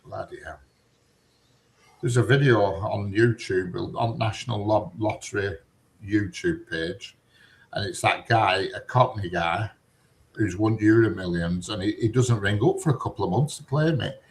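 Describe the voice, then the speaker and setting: A man's voice: fairly low pitch, unhurried. A man telling stories in a casual, blunt chat, swearing and laughing at his own tales. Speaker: storyteller in a group chat.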